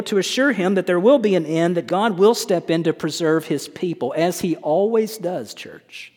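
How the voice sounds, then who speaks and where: A man's voice: high-pitched, normal speed, few pauses, darkish tone. A male pastor preaching a sermon, emphatic, often putting rhetorical questions to his congregation. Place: church sanctuary. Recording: long church hall reverb.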